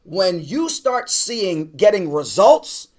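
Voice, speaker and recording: High-voiced man preaching with fervor. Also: big pitch swings, takes it slowly. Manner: repetitive, exhorting, building to shouts; casual, uses "man" and "y'all". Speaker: pastor teaching an online class. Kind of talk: energetic preaching pitch to an online audience.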